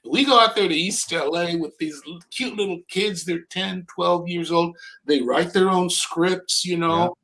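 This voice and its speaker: A man's voice: sits high, measured pace, few pauses, a bit bright. A man appearing as a guest actor on a live interview show, talking in an earnest, easygoing way. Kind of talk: casual live interview chat.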